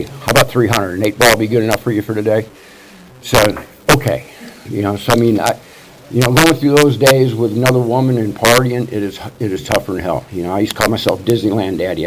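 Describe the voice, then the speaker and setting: A man's voice: fairly low pitch, fast. Rambling profane man telling his story. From Missouri. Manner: rambling, profane, many "you know" fillers. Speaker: speaker at a recovery meeting. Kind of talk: casual storytelling testimony. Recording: loud background noise.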